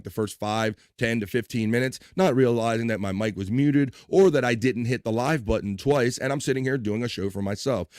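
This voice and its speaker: A man's voice: medium pitch, no room sound. A man hosting a casual livestream, reading out chat messages and joking around loosely. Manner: reads chat messages aloud in bursts of voices, laughs and jokes loosely. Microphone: desk microphone.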